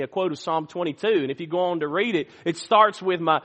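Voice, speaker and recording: A man preaching a sermon as pastor, swinging from hushed to loud. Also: fairly high pitch, fast, few pauses. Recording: long reverb of a large hall.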